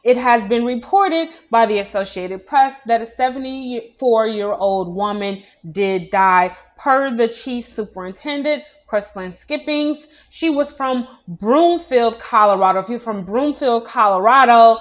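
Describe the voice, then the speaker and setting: A woman's voice: a little high, unhurried, few pauses. A young adult woman hosting a casual celebrity news show, chatty and opinionated, with many asides. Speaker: news host.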